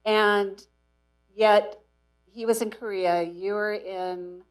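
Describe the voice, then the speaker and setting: A woman interviews a guest on stage in front of students, encouragingly summing up answers and asking follow-up questions as moderator. Her mid-range voice is steady and slow. The audio is poor, with a faint mains hum.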